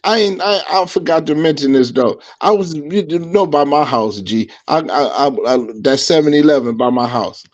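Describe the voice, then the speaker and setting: A man hosting a podcast, talking in casual chat and telling stories in a profane, animated way, acting out what people said. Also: on the high side, moderate pace, few pauses. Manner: animated, profane, acts out quotes. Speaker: podcast host. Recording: dull lo-fi stream audio.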